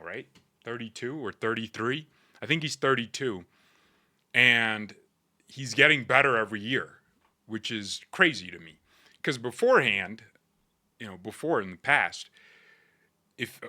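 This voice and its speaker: A man's voice: mid-range voice, sharp tone. A man hosting a football fan channel, talking in a hyped, joking, over-the-top way. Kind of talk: excited fan commentary vlog.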